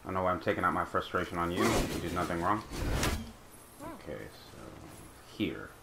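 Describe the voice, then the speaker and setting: A man's voice: low-pitched, sing-song, normal speed, creaky, background noise. A man hosting a let's play, chatting casually over gameplay and talking back to the game and its creatures.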